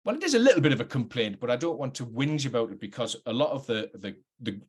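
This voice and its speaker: A man's voice: mid-range voice, sing-song, fast talker, darkish tone, breathy edge. A middle-aged man with a working-class Geordie accent, an actor reflecting earnestly and hesitantly on his career, often restarting his sentences. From North East England. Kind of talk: reflective talk to camera.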